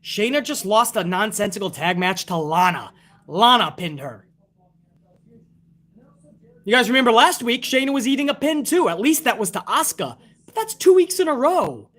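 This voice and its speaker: A man's voice: sits high, very animated, moderate pace, a bit bright. A man reviewing a wrestling show on a live stream, ranting casually with heavy swearing and sarcasm while reading out viewer tips.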